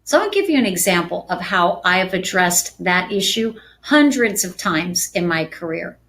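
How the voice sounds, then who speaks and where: A woman's voice: lowish voice, sing-song, normal speed, fairly bright tone, a little hiss or hum. A woman teaching real estate agents in a conversational live-stream talk, often checking in with "right?". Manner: conversational, frequent tag questions.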